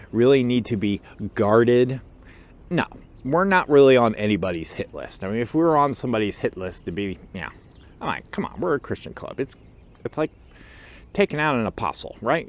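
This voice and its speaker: A man hosting his own channel, telling a story in a casual, animated way and acting out the other people in it. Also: mid-range voice, fairly quick. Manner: animated storyteller who acts out quotes and chuckles. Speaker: motorcycle club officer and channel host.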